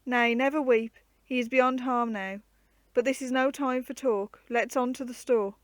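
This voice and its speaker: A woman voicing a burly, gruff male knight who roars his commands in old-fashioned speech. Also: on the high side, fairly even intonation, normal speed, dry recording, natural voice. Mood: gentle.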